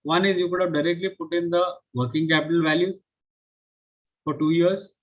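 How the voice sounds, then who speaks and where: A man's voice: on the high side, fairly even intonation, brisk, dull audio. A man teaching a live online finance class, explaining step by step and often checking with "right?". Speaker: finance instructor.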